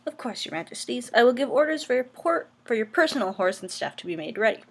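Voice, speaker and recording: A woman's voice: fairly high pitch, very animated, quick pace, voice pushed up. A woman reading the lines of a polite, deferential male tourney marshal in a text game, close to her own voice. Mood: courteous. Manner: formal, deferential.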